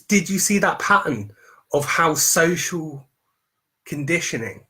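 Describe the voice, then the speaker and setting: Bright-voiced motivational man. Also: on the high side. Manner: emphatic and repetitive, preaching self-affirmation. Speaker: mindset coach. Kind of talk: motivational live stream talk.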